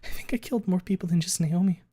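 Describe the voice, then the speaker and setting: A woman's voice: fairly low pitch, quick pace, mellow, breathy edge, voice pushed up. A man voicing a volatile young woman who swears and screams, reading a story aloud. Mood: sobbing. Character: volatile young woman, raging then sobbing.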